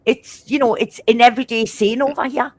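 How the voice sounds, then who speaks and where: A woman with a broad Geordie accent, blunt and swearing constantly as she tells animated stories in casual chat. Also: a little high, no room sound. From Newcastle, England. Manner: talks fast.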